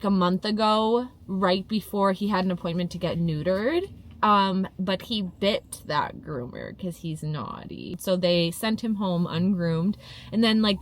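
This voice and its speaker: A young woman vlogging from inside her car, telling a story in a dramatic, animated way and swearing casually. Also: mid-range voice, low-quality recording. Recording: car cabin with clear road noise.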